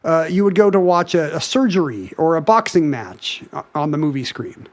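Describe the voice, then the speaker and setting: Male podcast co-host, higher-pitched voice, quick and wry, lays out facts between jokes. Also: lively intonation. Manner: quick, joking, explains at length. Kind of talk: casual chat.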